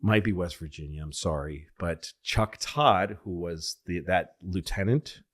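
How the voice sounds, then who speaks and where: A man's voice: sits low, a little slow. A man telling casual, rambling, profane stories and often correcting himself. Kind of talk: casual comedic storytelling.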